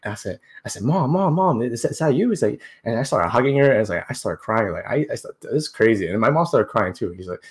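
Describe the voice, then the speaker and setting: Young man telling a story haltingly. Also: lowish voice, lively intonation. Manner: halting, many restarts and repeated words. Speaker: interview guest. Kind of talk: casual storytelling.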